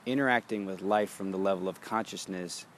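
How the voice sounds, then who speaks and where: A man leading a guided meditation, speaking in slow, measured phrases with long pauses. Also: sits low, a little hiss or hum.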